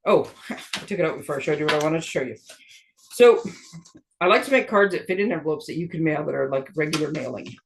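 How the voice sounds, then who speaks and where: A middle-aged Canadian woman, a stamping demonstrator, hosts a card-making tutorial full of chatty, rambling talk and frequent laughs at herself. Her low, gravelly voice is expressive and fast.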